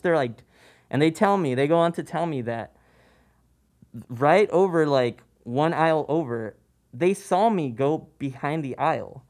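A man's voice: fairly high pitch, normal speed. A young man on a podcast telling a story from his old theme park job in casual chat, acting out the voices of the people in it. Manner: animated, acts out voices in anecdotes. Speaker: podcast guest, former theme park worker.

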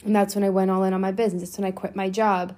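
A woman's voice: medium pitch, level tone, very fast, darkish tone. A young adult woman hosting a motivational solo podcast, talking bluntly and swearing freely for emphasis. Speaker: podcast host.

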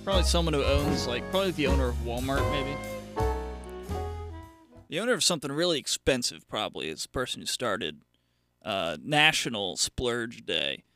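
A man's voice: medium pitch, animated, normal speed, a bit bright, faint music behind. A man hosting a casual solo radio show, rambling and sarcastic, with lots of fillers and restarts.

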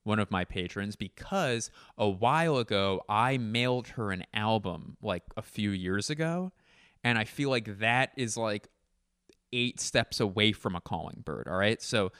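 A man riffs crudely on his podcast, rambling and breaking off mid-sentence. His voice sits low, yet it leaps around with animated swings. The tone is smooth and resonant, recorded close and dry with no room around it. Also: measured pace, dry recording. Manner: rambling, crude, self-interrupting. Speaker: podcast host. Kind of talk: profane comic riffing monologue.

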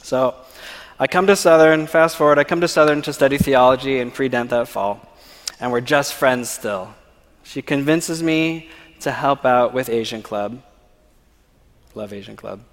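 A man with a mid-range voice tells a personal story to a church congregation, often pausing to ask "okay?". His voice carries a long reverb from a large sanctuary. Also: mid-range voice. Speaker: church speaker. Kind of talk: personal testimony talk.

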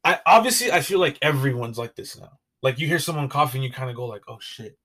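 A man's voice: medium pitch, expressive, fast talker, pushed and bright. A young man co-hosting a podcast, chatting casually in a rambling way with fillers and swearing. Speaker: podcast co-host. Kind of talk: casual chat.

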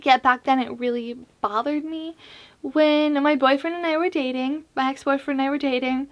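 A young woman hosting a casual faith-based vlog, giving earnest advice with self-mocking asides and animated emphasis. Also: high-pitched. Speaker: vlog host.

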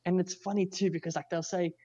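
A man's voice: high-pitched, level tone, fast, dark tone. A young Australian man co-hosting a podcast, chatting casually, joking and rambling along. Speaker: podcast co-host. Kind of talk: casual chat. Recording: dull lo-fi sound.

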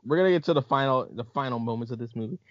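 A man in a relaxed podcast chat, breaking into laughter as he recaps scenes with enthusiasm. His voice sits at a middling pitch, recorded dry and slightly dull, lo-fi. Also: racing, dry recording. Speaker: podcast host. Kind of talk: casual movie-recap chat.

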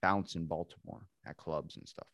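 Deep-voiced joking man, dry sound. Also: animated, moderate pace, creaky, a bit bright, dry recording. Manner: joking, profane storyteller. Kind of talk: casual chat.

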